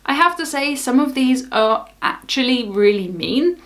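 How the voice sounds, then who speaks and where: A young cruise vlogger from the south of England talks casually to camera, wryly brushing off criticism and laughing things off. Her clear southern English accent and slightly high voice sound expressive yet easygoing, at a measured pace.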